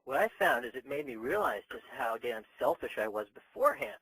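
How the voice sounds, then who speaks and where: A man's voice: medium pitch, very animated, brisk, a bit bright, slightly rough, poor audio. A man interviewing a guest, asking questions with hesitant restarts. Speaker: radio interviewer.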